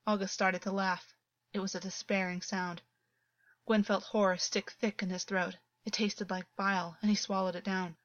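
A woman narrating a story in a steady, earnest reading voice, on a dull, lo-fi recording. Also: mid-range voice, normal speed, dry recording. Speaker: audiobook narrator.

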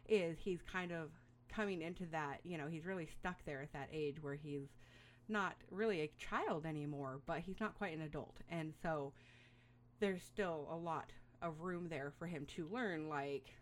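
A woman's voice: sits low, moderate pace. A middle-aged woman giving parenting advice in a casual monologue, rambling and chatty, with frequent fillers and small laughs.

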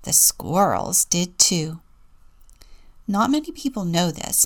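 Expressive woman deacon reading a storybook. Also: mid-range voice. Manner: expressive, playful storytelling with whispered asides. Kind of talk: reading a picture book aloud.

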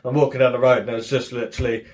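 A man's voice: mid-range voice, level tone, rapid-fire, a little mellow. A man hosting a casual gaming podcast, rambling through stories with plenty of swearing. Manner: rambling retelling with swearing and acted-out quotes. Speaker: podcast host.

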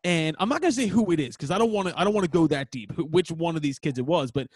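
A man hosting a podcast in casual chat, telling stories in an animated way and swearing freely. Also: fairly high pitch, dry recording. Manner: animated, profane, quick storytelling. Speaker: podcast host and band member.

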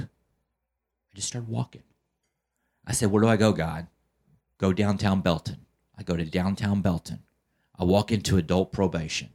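This man's voice is fairly low, gravelly and darkish as he gives a testimonial about his recovery on a podcast. He tells it with preacher-like fervor, repeatedly asking "okay?" and "right?"

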